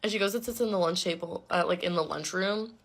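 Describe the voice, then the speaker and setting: A woman's voice: lowish voice, fast. A young woman telling a school story in a casual, chatty way, blunt and full of swearing and filler words.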